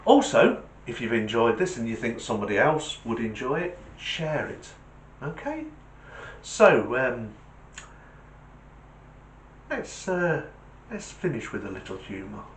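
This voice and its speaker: A man's voice: medium pitch, sing-song, a little slow, pauses often, roomy sound. A man hosting his own vlog, chatting enthusiastically and telling a joke. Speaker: channel host.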